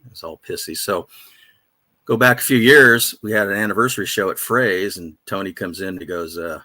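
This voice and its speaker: A man's voice: on the low side, big pitch swings, brisk, pushed and bright, dry recording. A man, a veteran radio DJ, casually telling rambling, self-deprecating stories in a studio interview. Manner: rambling, self-deprecating anecdotes with many fillers. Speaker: radio DJ guest.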